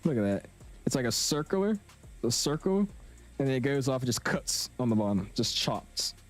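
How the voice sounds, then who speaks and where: Young man, casual stream chat, slangy, soft music underneath. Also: medium pitch, very animated, normal speed. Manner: chatty, slangy, reads chat aloud. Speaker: flight sim streamer.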